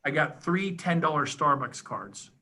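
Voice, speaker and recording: A middle-aged man giving an enthusiastic, emphatic sales pitch as a podcast guest. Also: lively intonation, bright, forceful tone, a little hiss or hum. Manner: fired-up, rapid, emphatic, salesy. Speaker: podcast guest, real estate agent.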